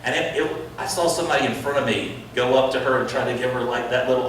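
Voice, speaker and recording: A middle-aged man preaching in a school chapel, acting out quoted voices and swinging from loud to hushed. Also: medium pitch, fairly quick, slight background noise. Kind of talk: sermon. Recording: echoey hall voice from far off.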